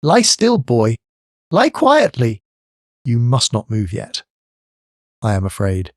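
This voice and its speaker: A man's voice: medium pitch, wildly swooping pitch, slow pace, dry recording, clean studio sound. A man reading the part of a hard male buccaneer captain in an audiobook, speaking with an urgent, pleading delivery. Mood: tender.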